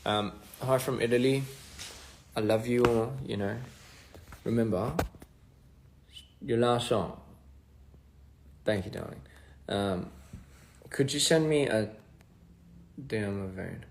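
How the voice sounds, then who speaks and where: A young man casually chatting on a phone livestream, reading fan comments aloud with halting restarts and many fillers. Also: lowish voice, creaky, slight background noise. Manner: halting, many restarts and fillers, switching between English and Korean. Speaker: musician hosting a livestream.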